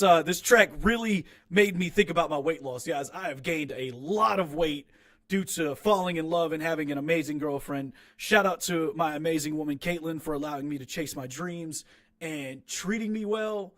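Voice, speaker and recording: Speaking at a moderate pace in a fairly bright voice on the high side, a young man sits in his small home studio picking apart his own rap track. His talk is casual, rambling, frank and self-deprecating, with many restarts.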